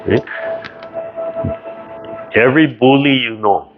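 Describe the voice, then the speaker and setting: A man's voice: medium pitch, takes it slowly, faint music behind. A man teaching tai chi in a casual, conversational way, often tagging his points with "right?". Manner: conversational, keeps asking "right?", acts out quoted voices. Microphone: video call. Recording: muffled video call audio.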